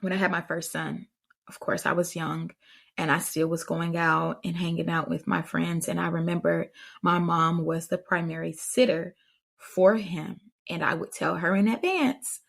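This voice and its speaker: A woman's voice: fairly low pitch, fairly even intonation, a little slow, gravelly, slightly rough. A woman hosting a parenting podcast, telling stories in a chatty way and talking straight to her listeners. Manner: chatty storytelling, addresses listeners directly. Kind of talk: casual advice chat.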